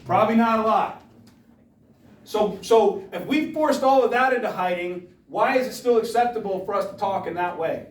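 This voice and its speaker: A man's voice: high voice, normal speed. A man giving an emphatic motivational talk to students in a school hall, firing rhetorical questions at the audience. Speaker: speaker addressing students. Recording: echoey room from far off.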